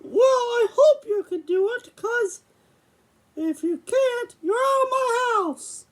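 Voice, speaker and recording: A very high, squeaky cartoon mouse father scolds and lectures in a homemade puppet show, voiced by a young woman. He speaks slowly and sternly. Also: expressive, full character voice. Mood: scolding. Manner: scolding, nagging.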